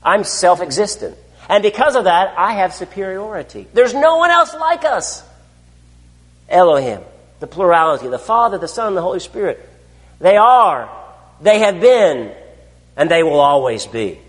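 A man preaching a sermon, asking his listeners rhetorical questions and swinging between loud declarations and hushed asides. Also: sits high, big pitch swings, moderate pace, big-room sound. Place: church.

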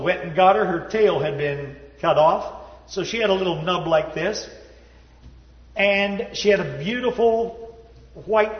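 A man telling a personal story in a sermon, folksy and self-deprecating, dropping to a low hush at the sad parts. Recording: roomy hall reverb, dull sound.

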